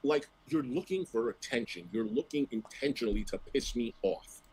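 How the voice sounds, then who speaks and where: A man's voice: mid-range voice, lively intonation, normal speed, a little mellow, slightly rough, low-quality recording. A man in a played stream clip, ranting defensively about being wronged, with heavy swearing. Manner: aggrieved, defensive, profane.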